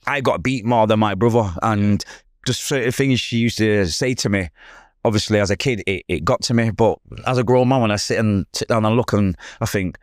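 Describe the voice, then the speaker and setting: A middle-aged man with a Manchester accent, a podcast guest telling his life story in a candid, animated way, jumping up in pitch when he acts out what others said. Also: brisk, no echo, clean studio sound. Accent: Manchester English. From England. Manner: animated, acts out quotes in a raised voice.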